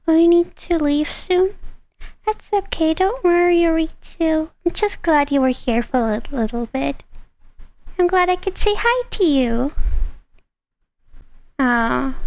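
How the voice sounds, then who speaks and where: A woman streamer chatting casually with her live chat, giggly and excitable. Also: sits high, slow pace, gravelly, pauses often, dull audio.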